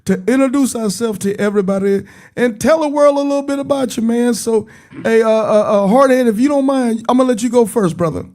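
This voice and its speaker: A man's voice: very high voice, brisk, darkish tone. A middle-aged man hosting a casual podcast, upbeat and tossing "man" into nearly every sentence. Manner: upbeat, peppers talk with "man". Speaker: podcast host.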